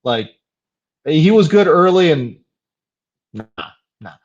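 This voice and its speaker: A man's voice: on the high side, very animated. Slangy young man, dull lo-fi sound. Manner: loose, slangy, rambling with many fillers; quickly gets heated, then laughs it off. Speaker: fantasy football show host. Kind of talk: casual live stream chat.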